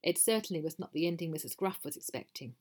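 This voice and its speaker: Wry woman reading a story, lowish voice. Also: lively intonation, fast, darkish tone. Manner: dry and wry. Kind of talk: storybook narration.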